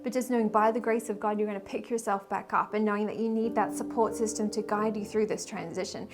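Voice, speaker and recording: A woman giving a casual weekly tarot reading, emotional and rambling, with sighs and soft laughs. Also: medium pitch, steady tone, fast talker, music in the background. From Australia. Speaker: tarot reader and spiritual guide.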